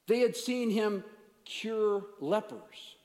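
A man preaching a sermon as pastor, swinging between hushed, intense asides and raised, emphatic points, and bantering playfully with volunteers. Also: sits high, expressive, takes it slowly. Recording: long reverb of a large hall.

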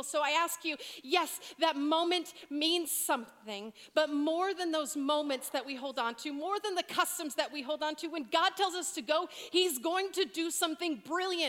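Bright-voiced woman preaching in a hall. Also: high voice. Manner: earnest, emphatic, drops to a hush on key points. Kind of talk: sermon.

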